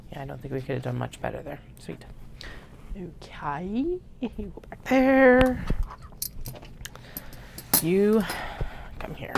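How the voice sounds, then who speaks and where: A woman hosting a craft livestream, chatting casually and muttering soft half-whispered asides to herself while she cuts fabric. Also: medium pitch, big pitch swings, drawn-out words, creaky, pauses often, slight background noise.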